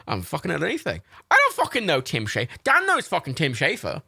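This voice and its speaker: A man's voice: fairly high pitch, huge pitch swings, fast talker, vocal fry, bright, forceful tone, no room sound. A young man streaming a game, rambling through stories and swearing freely in casual chat. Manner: rambling, swearing, laughing storyteller. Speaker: livestream gamer.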